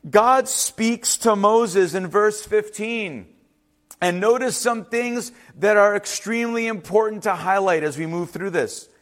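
A male pastor preaching with a fairly high, bright-toned voice. He is animated and conversational, slipping into the voices of the people he quotes and tossing in casual asides. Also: measured pace. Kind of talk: sermon.

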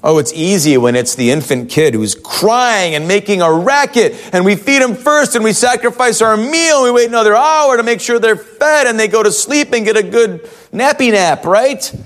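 A man's voice: high-pitched, animated, moderate pace, hardly any pauses, a bit bright. A male pastor giving a conversational sermon in a church, full of rhetorical questions.

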